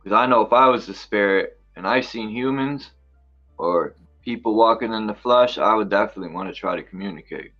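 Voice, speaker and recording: Low-voiced man asking wondering questions. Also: fairly quick, lo-fi sound, faint music behind. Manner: wondering, asks speculative questions. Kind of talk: casual chat.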